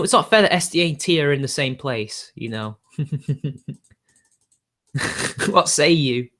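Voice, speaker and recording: A man's voice: mid-range voice, fairly bright tone. A man hosting a casual livestream, talking off the cuff in a rambling, hedging way with frequent chuckles. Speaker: livestream host.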